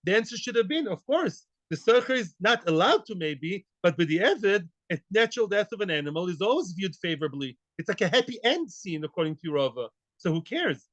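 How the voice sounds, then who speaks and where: A man teaching a Talmud class, animated and full of rhetorical questions. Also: sits high, fairly quick, few pauses, no room sound, dull audio. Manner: animated, rhetorical questions, Yiddish-inflected Hebrew terms.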